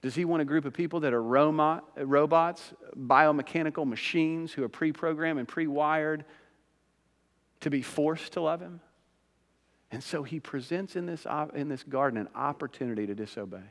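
A man's voice: on the high side, moderate pace, in a large hall. A man preaching a sermon as pastor, conversational and emphatic, with rising bursts of emphasis.

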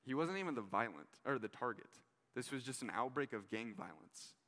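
A man's voice: medium pitch, very animated, fairly quick, pushed and bright, in a large hall. A man preaching a sermon in an earnest, conversational way, with casual asides to the listeners. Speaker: pastor.

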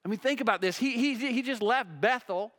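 This man, a pastor, preaches at a fairly quick clip. His delivery rises to loud, forceful high points and drops to soft, low moments, with words repeated often for emphasis.

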